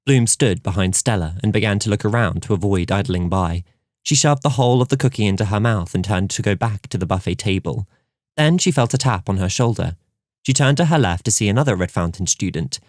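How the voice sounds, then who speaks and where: A man reads an audiobook in a calm, measured way. His voice sits on the low side, and the recording is close and dry with no room echo. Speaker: audiobook narrator. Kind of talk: scripted audiobook narration.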